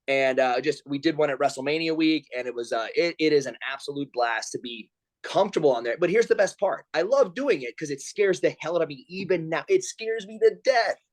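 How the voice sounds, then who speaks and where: Animated storytelling man on a video call. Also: fairly high pitch. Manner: animated storyteller acting out quotes in raised voices. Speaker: pro wrestler and comedian guest.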